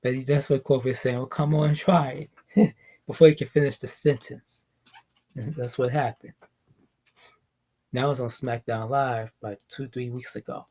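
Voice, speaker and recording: A young man chatting casually about wrestling news, rambling, laughing often and swinging between excited bursts and mumbling. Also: mid-range voice, normal speed, long pauses. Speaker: vlogger.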